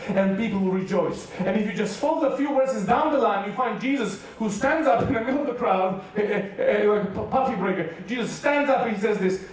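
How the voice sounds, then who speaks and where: A man from Serbia with a Serbian accent, preaching a playful, joking sermon to a youth rally. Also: high-pitched. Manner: playful storytelling with jokes and quick asides. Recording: very echoey hall, mic far off.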